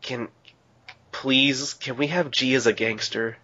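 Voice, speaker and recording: A young man co-hosting a casual podcast, recapping a manga with excited, restarting talk. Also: medium pitch, takes it slowly, highs cut off. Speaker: podcast co-host.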